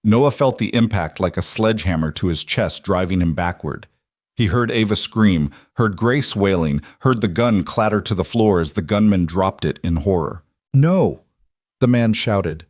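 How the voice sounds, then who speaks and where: A man narrating a dramatic story in a steady, scripted storytelling manner. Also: low-pitched, normal speed, no echo, clean studio sound.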